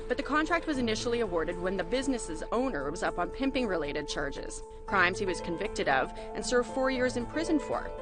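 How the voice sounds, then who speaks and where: A woman investigative reporter reading scripted news narration in a measured, matter-of-fact way. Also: medium pitch.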